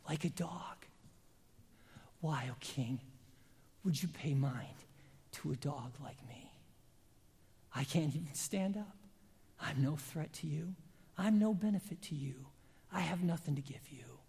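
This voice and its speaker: A broken, self-pitying crippled young man speaks in a hushed, pleading tone, as a preacher puts him on mid-sermon. He sounds quiet and low in spirit. The words hang in the long reverb of a large hall. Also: lively intonation, unhurried, creaky, pauses often.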